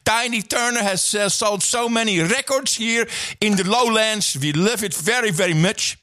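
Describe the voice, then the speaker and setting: A man doing a fawning Dutch record retailer with a Dutch accent. The voice is squeaky-high and sing-song, with stiff, overly formal speech. The recording is dry and close. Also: normal speed, sharp tone, no echo.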